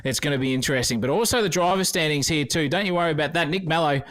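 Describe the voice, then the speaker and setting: A man's voice: a little high, rapid-fire, a bit bright, no echo, clean studio sound. An Australian man doing colour commentary for a race with boisterous, slang-filled banter.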